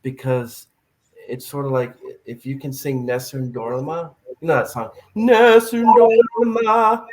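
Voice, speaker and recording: A man hosting a podcast in casual chat, telling stories with lively, acted-out quotes. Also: medium pitch, moderate pace, rough recording. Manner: animated storyteller, acts out quotes. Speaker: podcast host.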